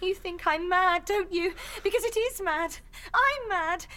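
A woman's voice: extremely high pitch, unhurried, sharp tone, heavily acted. An actress playing a troubled teenage girl about to leave for university, tense and defensive. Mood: frightened. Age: late teens. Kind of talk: radio drama acting.

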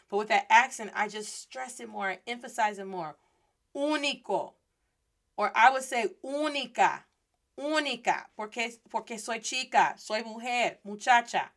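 Lively woman teaching Spanish vowels. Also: medium pitch. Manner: lively, playful, acts out scenes and repeats words for the class. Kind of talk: energetic language lesson.

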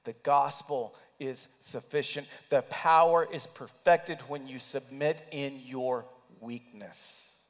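A man preaching a sermon, swinging between loud urging and hushed, near-whispered passages. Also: medium pitch, long reverb tail. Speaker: pastor.

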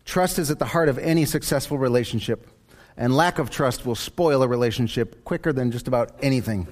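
A man's voice: medium pitch, brisk. A man preaching a sermon as a pastor, in a conversational way with joking asides.

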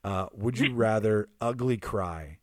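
A man's voice: fairly low pitch, unhurried, no echo, studio quality. A man hosting a podcast in casual chat, rambling and laughing often, swearing now and then. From Canada. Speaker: podcast host.

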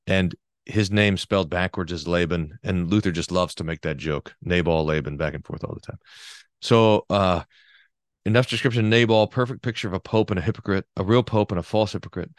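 A low-pitched man teaching a Bible class as pastor, mixing read passages with loose, animated commentary. He often restarts his sentences and leans hard into the quotations. The sound is dry and close, with no room around it. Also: no room sound. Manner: lively, restarts often, reads quotations with emphasis. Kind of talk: conversational Bible lesson, reading aloud and commenting.

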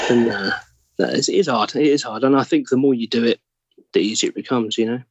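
English male guest: husky, mid-pitched, dead dry close mic, thoughtful and halting. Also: dry recording. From England. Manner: thoughtful, searching for words, trailing off. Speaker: actor, podcast guest. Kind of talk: casual interview chat.

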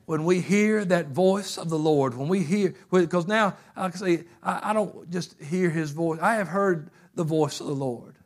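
A man preaching a fervent sermon, telling stories and swinging from loud bursts to hushed passages. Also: on the high side, normal speed, few pauses.

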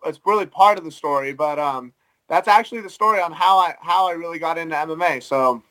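A man's voice: on the high side, bright, forceful tone, poor audio. A young man co-hosting a podcast, telling a story animatedly and filling his speech with "like" and "dude". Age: young adult. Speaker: podcast co-host. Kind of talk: casual storytelling.

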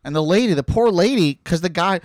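A man's voice: sits high, expressive, fairly quick, a little mellow, no echo, clean studio sound. A man on a podcast telling a story and ranting in casual chat, swearing freely. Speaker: podcast co-host.

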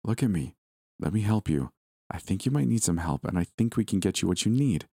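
A man voicing a frightened young mother, soft and careful. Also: sits low, lively intonation, brisk, husky, no room sound, clean studio sound, exaggerated voice. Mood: gently pleading.

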